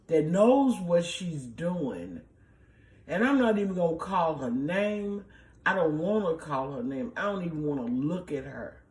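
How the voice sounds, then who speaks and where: A middle-aged woman giving slow, emotional, emphatic commentary to her viewers. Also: on the low side, darkish tone. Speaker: vlogger. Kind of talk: casual commentary. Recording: echoey room.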